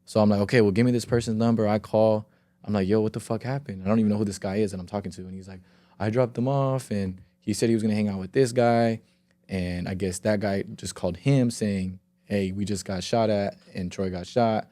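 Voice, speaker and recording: Young man, podcast guest, lowish mellow voice, dry close sound; rambling casual storyteller who swears freely. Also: fairly even intonation, a little fast, dry recording. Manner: rambling, heavy filler words and reenacted quotes. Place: podcast studio.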